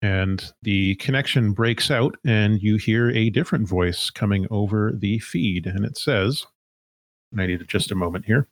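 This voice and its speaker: A man narrating as game master of a tabletop game in a relaxed, plain-spoken way. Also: on the low side, unhurried, no room sound.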